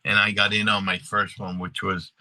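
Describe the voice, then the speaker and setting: A middle-aged New York man talks about his acting career in a casual interview. His low voice has a very bright, forward tone and is picked up close and dry. He tells stories with animation, often repeating words as he acts scenes out. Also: little pitch movement, normal speed, no echo, low-quality recording. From Long Island, New York. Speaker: actor and guest.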